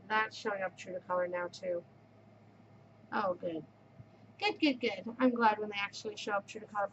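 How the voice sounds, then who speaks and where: A woman's voice: medium pitch, fairly bright tone, highs cut off, slight background noise. A middle-aged woman hosting a knitting podcast, gushing effusively over yarn in casual show-and-tell chat and repeating her words of praise.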